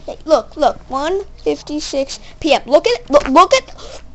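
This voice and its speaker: A woman's voice: sits high, lively intonation, measured pace, dull audio. A woman scolding her cat in a nagging, repetitive, demanding way. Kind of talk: mock-scolding a pet.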